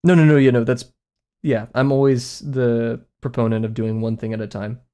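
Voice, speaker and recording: A man's voice: medium pitch, flat delivery, normal speed, mellow, clear, resonant tone. A young man chatting casually to his viewers while drawing on a live stream, rambling and poking fun at himself. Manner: rambling and self-mocking, talks to chat. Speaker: art streamer.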